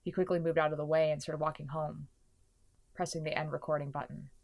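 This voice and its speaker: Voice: mid-range voice, level tone, a little fast, vocal fry, poor audio. A narrator telling a horror mystery podcast story in the first person, in a sardonic, sarcastic manner.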